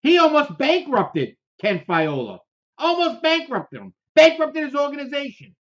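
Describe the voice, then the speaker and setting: A man's voice: extremely high pitch, big pitch swings, moderate pace, fairly bright tone. A man co-hosting a political commentary show, talking in a fiery, repetitive way full of rhetorical questions. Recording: dull lo-fi sound.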